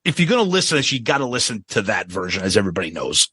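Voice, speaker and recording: A man's voice: on the low side, big pitch swings, rapid-fire, pushed and bright, slightly rough, no echo, clean studio sound. A man co-hosting a podcast, talking with gushing enthusiasm about the music he loves in casual chat. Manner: enthusiastic, gushing fan talk. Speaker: podcast co-host.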